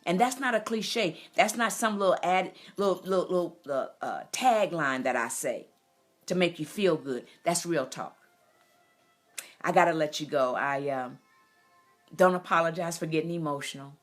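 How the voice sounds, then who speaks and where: Impassioned low-voiced woman testifying. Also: normal speed, faint music behind. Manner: impassioned, preacherly, rising to near-shouts. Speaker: host. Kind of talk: emotional personal testimony.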